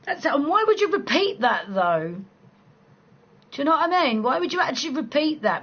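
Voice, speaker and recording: A woman's voice: high voice, big pitch swings, fairly quick, fairly bright tone. A woman hosting a casual late-night live chat, reading out comments and answering bluntly, swearing and laughing often. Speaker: live-stream host. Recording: slightly dull sound with faint background hiss.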